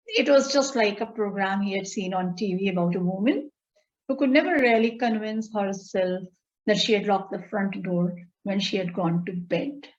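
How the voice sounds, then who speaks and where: A woman teacher with an Indian English accent, reading a story aloud in an online class, then explaining it line by line and asking students questions. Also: on the high side. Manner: reads a passage, then paraphrases it slowly and quizzes students. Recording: dull, lo-fi audio.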